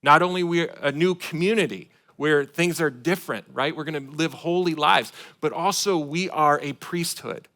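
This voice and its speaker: Animated preaching man from Michigan. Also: on the high side, moderate pace, few pauses. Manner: animated preaching, swings between loud emphasis and quiet asides. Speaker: pastor. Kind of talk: sermon. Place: church sanctuary.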